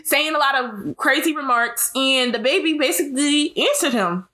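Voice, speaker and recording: A woman's voice: high voice, lively intonation, moderate pace, sharp tone, a little hiss or hum. A young woman co-hosting a podcast, chatting in slangy casual talk and telling a story with frequent laughs. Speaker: podcast co-host. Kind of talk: casual chat.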